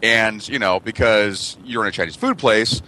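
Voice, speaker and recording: A man's voice: lowish voice, moderate pace, pushed and bright. A man co-hosting a casual podcast, telling profane childhood stories and acting out the quotes. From American Midwest. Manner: profane, storytelling with acted-out quotes. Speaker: podcast co-host. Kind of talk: casual chat.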